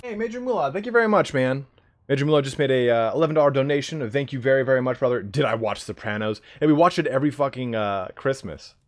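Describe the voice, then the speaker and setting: Lively joking male streamer. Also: medium pitch, quick pace. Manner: joking, profane, chatty with viewers. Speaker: livestream host of a game league. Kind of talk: casual live-stream chat.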